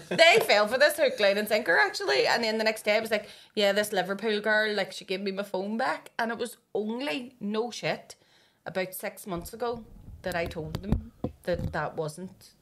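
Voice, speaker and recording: A Northern Irish woman in her thirties hosts a casual podcast chat. Her voice is bright and forward, and she tells her stories with lively energy, often breaking into laughter. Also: a little high, moderate pace, slight background noise. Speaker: podcast host.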